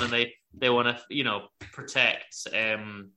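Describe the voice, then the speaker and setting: A man co-hosting a podcast, telling a story in a sarcastic, animated way. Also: medium pitch, measured pace, slight background noise. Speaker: podcast co-host. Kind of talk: casual chat reviewing a show.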